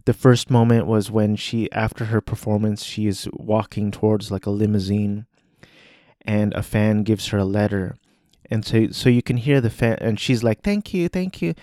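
A man's voice: on the low side, little pitch movement, normal speed, warm tone, dry recording, clean studio sound. A man hosting a podcast, talking casually about films, rambling with restarts and acting out quoted lines. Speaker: podcast host. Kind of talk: casual film talk.

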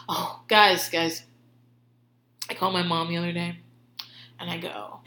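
A woman's voice: on the low side, a little slow, long pauses, roomy sound. A woman hosting a podcast, telling stories in casual, profane chat and laughing often. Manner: profane, laughing, animated storytelling. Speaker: podcast host.

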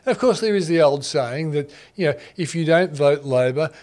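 A man's voice: fairly high pitch, moderate pace, a little mellow. An Australian man co-hosting a talk show, bantering casually and introducing guests with jokes and frequent fillers. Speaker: co-host.

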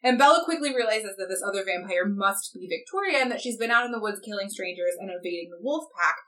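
A woman's voice: mid-range voice, lively intonation, fast, pushed and bright. Wry young woman summing up a plot. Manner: wry, lays out plot points and corrects her co-host. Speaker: podcast co-host. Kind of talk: casual chat, book recap.

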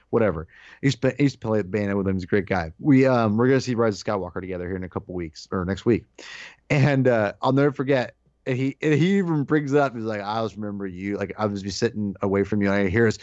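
Animated man telling a rant story. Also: medium pitch, dry recording. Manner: animated storyteller, acts out his own shouts. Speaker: podcast guest co-host. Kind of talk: casual chat. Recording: dull lo-fi dry sound.

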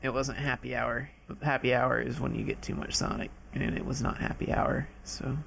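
A man's voice: mid-range voice, huge pitch swings, normal speed, creaky, a bit bright, slight background noise. A man in casual chat, rambling and swearing, with lots of fillers.

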